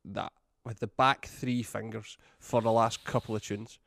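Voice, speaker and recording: Gravelly middle-aged man. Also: lowish voice, flat delivery, unhurried, a bit bright, dry recording. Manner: easygoing, addresses listeners directly. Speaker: podcast host, drummer, music shop worker. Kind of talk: casual chat.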